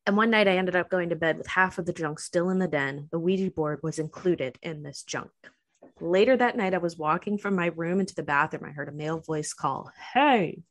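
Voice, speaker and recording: A woman's voice: fairly low pitch, fairly quick, no room sound. A young woman streaming, chatting casually and telling a story, swearing and laughing often. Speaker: livestreamer telling stories to chat.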